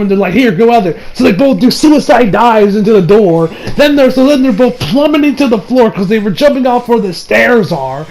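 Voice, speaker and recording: A man's voice: high-pitched, a little mellow, poor audio. A man casually recapping an anime episode, rambling with many fillers and briefly acting out the characters' lines. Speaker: anime reviewer.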